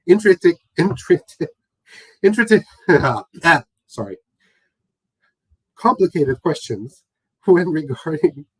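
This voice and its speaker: A man's voice: mid-range voice, a little mellow, dry recording, rough recording. A man hosting a webinar, talking conversationally with frequent fillers and restarts. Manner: conversational, hesitant with many fillers. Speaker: webinar host. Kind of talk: casual webinar talk.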